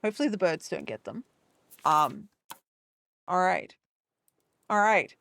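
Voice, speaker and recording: A woman's voice: lowish voice, expressive, a little slow, vocal fry, fairly bright tone. A young woman chatting casually with her viewers during a live gameplay stream, rambling and upbeat. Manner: chatty and rambling, talking to chat.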